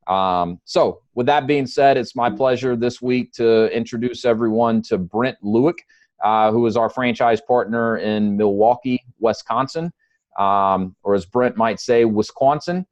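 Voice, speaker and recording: A man with a Southern accent runs a business webinar, filling his talk with ums and uhs. His voice comes through a call line that sounds dull and dry, with no room around it. He speaks at an even, middle pitch. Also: a little slow, no echo. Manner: friendly, loose, many ums and uhs. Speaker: webinar host.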